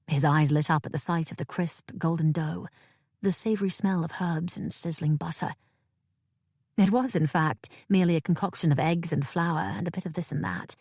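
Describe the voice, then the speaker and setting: Low-voiced woman reading a fantasy novel. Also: moderate pace, darkish tone, slightly rough, no room sound, studio quality. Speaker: audiobook narrator. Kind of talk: scripted narration.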